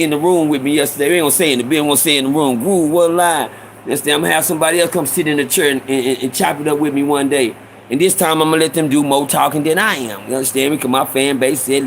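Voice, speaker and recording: A man hosting a casual storytelling stream, slangy, with repeated asides and shout-outs to viewers. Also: fairly high pitch, a little hiss or hum, low-quality recording. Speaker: host.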